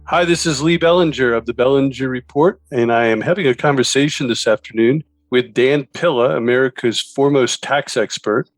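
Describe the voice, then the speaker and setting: A male host leading an interview, casual and halting. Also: mid-range voice, no room sound. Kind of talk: conversational interview.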